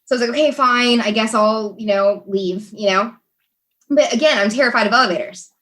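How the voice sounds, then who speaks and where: A woman's voice: fairly high pitch, fairly quick, a bit bright. A young American woman, a podcast guest, telling a story in casual chat, laughing often and talking with many fillers and restarts. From USA.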